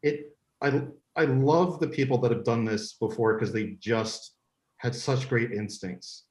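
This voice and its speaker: A man's voice: medium pitch, fairly even intonation, a little slow, darkish tone. Enthusiastic man in an echoey room. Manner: enthusiastic storytelling, many restarts. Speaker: guest, creator of an animated series. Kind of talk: casual podcast interview.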